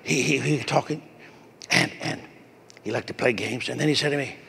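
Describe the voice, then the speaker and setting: A male pastor preaching a sermon with a raspy voice, emphatic and repetitive, calling out to the congregation. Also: medium pitch, wildly swooping pitch, normal speed, sharp tone. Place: church. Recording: echoey hall.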